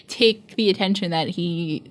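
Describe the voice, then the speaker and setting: A woman's voice: fairly low pitch, a little slow. A woman co-hosting a reaction show who chats in an agreeable way and trails off mid-thought. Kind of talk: casual chat.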